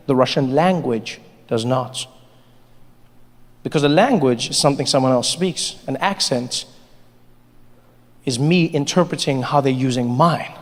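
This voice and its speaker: A man performing stand-up comedy, telling stories animatedly and speaking to the audience. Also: medium pitch. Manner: animated storytelling, addressing the audience. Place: comedy stage in a large hall. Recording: large hall with live audience.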